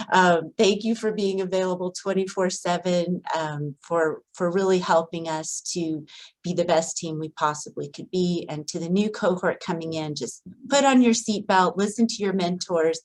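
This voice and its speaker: A woman, a startup founder, giving a grateful, heartfelt thank-you speech at a graduation. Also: lowish voice.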